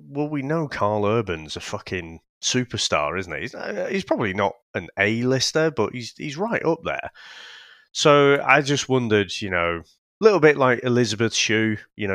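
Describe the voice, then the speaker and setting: A man's voice: lowish voice, fairly bright tone, no room sound, clean studio sound. A man with a northern English accent co-hosting a casual review podcast, rambling and swearing freely with lots of restarts. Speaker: podcast co-host.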